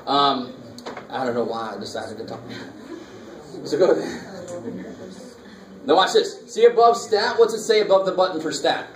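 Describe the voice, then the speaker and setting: Lecturing a college math class, this man uses a fairly high-pitched voice at normal speed and pauses often. He walks students through calculator steps casually, with slangy asides. The recording has classroom echo, a far-off mic, and faint background noise.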